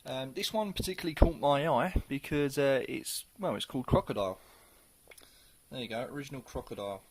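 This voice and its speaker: A man's voice: medium pitch, brisk. Chatty man reviewing a beer. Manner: chatty and rambling, with many ums. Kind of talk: casual video review.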